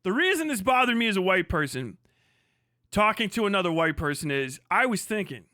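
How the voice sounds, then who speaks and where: High-voiced, sarcastic, profane male streamer. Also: very animated, brisk, sharp tone, no room sound, clean studio sound. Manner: sarcastic, profane, rambling riffs. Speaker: streamer reacting to a clip. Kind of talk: casual live-stream commentary.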